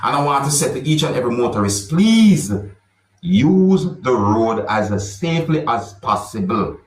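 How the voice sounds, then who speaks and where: A man's voice: medium pitch, expressive, normal speed, recorded from a distance. A man hosting a commentary vlog, repeatedly addressing his viewers and subscribers in a formal, roundabout way. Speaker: vlog host. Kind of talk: news-style commentary vlog. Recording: echoey room, voice a bit off mic.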